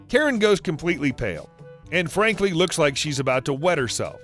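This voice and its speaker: A man reading stories aloud in a brisk storytelling manner. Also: on the high side, sing-song, fairly bright tone. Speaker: story narrator. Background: faint music.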